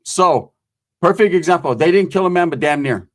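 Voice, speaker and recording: A man's voice: a little high, lively intonation, normal speed. A man telling prison stories in casual, profane street talk, acting out the voices of the people in them. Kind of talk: casual storytelling.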